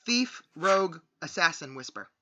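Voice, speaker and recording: A man in a casual podcast chat about video games, asking quick questions and pitching ideas. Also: very animated, sharp tone. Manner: inquisitive, quick questions and suggestions. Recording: dull lo-fi mic.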